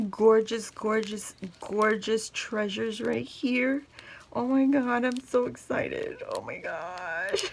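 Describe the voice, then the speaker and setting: Gushing high-pitched woman unboxing crafts. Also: vocal fry, slight background noise. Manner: gushing, exclaims often, swoops up into squeals. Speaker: crafting vlogger. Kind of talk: excited unboxing chat.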